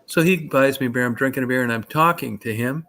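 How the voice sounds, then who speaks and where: Man, casual storytelling, heavy cursing, rambling, bright forceful voice. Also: medium pitch, fast talker. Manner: profane, rambling, animated anecdotes.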